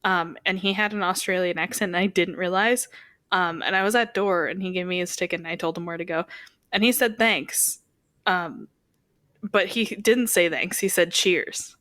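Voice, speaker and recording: A giggly young woman co-hosting a relaxed podcast, telling little stories about her day. The sound is dry, with no room around her voice. She often dissolves into laughter mid-sentence. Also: lowish voice, dry recording. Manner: giggly, storytelling, quick bursts of laughter. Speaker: podcast co-host. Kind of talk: casual chat.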